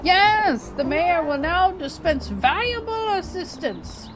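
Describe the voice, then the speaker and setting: A woman voicing a lazy, self-important male cat mayor with a low, grand, sleepy manner, reading game dialogue. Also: big pitch swings, slow, over music, exaggerated voice. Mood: grandly lazy.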